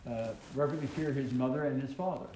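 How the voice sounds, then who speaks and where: A man's voice: medium pitch, fast talker, warm tone. Man teaching scripture, echoey room. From American South. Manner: reads scripture aloud then explains it, with many ums and uhs. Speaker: Bible teacher. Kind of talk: Torah study teaching. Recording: echoey room with faint noise.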